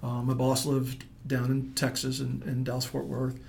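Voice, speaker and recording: Middle-aged male entrepreneur, gravelly voice, rambling storyteller who acts out the quotes. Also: medium pitch, monotone, normal speed, a little mellow, slight background noise. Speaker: entrepreneur guest. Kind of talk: storytelling in a casual interview.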